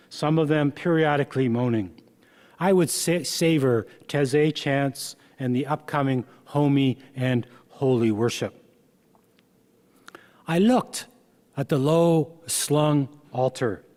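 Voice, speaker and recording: A man, the author, reading aloud from his memoir in a slow, measured way with small stumbles. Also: fairly high pitch, darkish tone. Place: event hall. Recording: long reverb from a hall.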